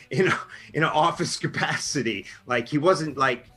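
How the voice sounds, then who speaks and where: A man's voice: on the high side, measured pace, pushed and bright, husky, faint music behind. Chatty middle-aged man telling a story. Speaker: podcast co-host. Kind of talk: casual storytelling chat.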